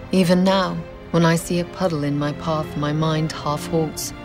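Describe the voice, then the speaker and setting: Actress for a wistful female voice-over narrator, deep-voiced, scored drama. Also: steady tone, moderate pace, natural voice. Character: reflective woman recalling the past in voice-over. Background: music score.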